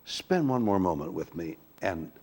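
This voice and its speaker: A man's voice: low-pitched, big pitch swings, moderate pace, warm tone, husky. A man in his late seventies hosting an interview, pressing his guest with pointed follow-up questions. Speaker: interview host.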